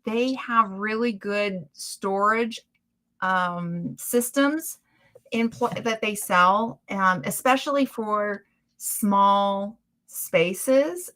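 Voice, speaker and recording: A woman hosting a casual chat stream, telling stories in a chatty, animated way. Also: medium pitch. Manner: chatty storytelling, animated retellings. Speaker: livestream host.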